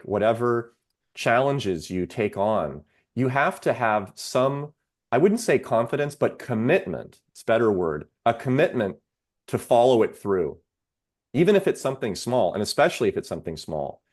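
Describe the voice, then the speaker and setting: A man, a psychiatrist guest on a podcast, explaining ideas steadily with worked examples. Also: mid-range voice. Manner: measured, lays out ideas with examples. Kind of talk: explanatory interview talk.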